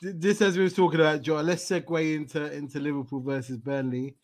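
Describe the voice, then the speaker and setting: A man hosting a casual football chat, animated and slangy, reading out viewer comments. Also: on the high side, fast talker.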